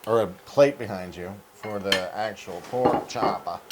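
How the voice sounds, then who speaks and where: A man co-hosting a casual cooking show, joking playfully and getting excited about the food. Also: fairly low pitch, a little slow, heavy background noise. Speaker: co-host, taster.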